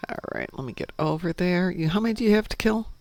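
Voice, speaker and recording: A man's voice: sits high, quick pace, no room sound. A man hosting a gaming stream, chatting casually and reading viewer comments. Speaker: stream host reading chat. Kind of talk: casual chat while gaming.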